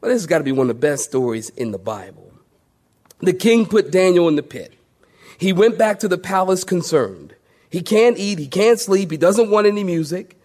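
A male pastor delivers an animated sermon in a church service, his fairly high voice climbing for emphasis and then dropping to a near hush. He keeps calling on the congregation to answer him with amens. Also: moderate pace. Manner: animated preaching, wide swings from loud highs to hushed lows; call-and-response with the congregation.

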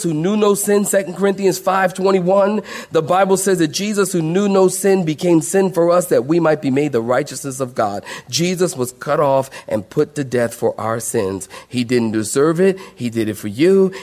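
A man preaching a sermon as pastor, emphatic, swinging between loud declarations and quiet asides to his congregation. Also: fairly high pitch. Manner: emphatic preaching, rising and dropping sharply, addressing the congregation.

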